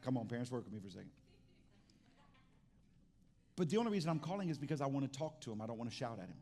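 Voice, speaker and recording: A middle-aged man preaching in a loose, conversational way, stumbling and restarting as he goes. His voice sits at an ordinary pitch for a man, with faint music playing softly under his words. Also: animated, racing. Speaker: pastor. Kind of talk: sermon.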